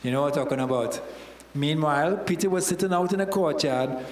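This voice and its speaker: A man's voice: on the high side, expressive, fairly quick, roomy sound, in a large hall, rough recording. A man, a church elder, preaching a sermon and acting out voices from the story. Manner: preaching, acts out voices in scripture stories.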